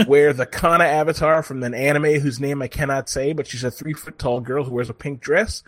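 A man co-hosting a podcast in casual chat, animated and rambling, laughing often. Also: mid-range voice, dry recording. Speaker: podcast co-host.

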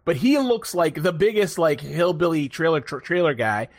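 Lively, animated man hosting a podcast. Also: on the high side, moderate pace. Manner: animated storytelling, swears a lot, laughs often. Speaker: podcast host. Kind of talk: casual chat.

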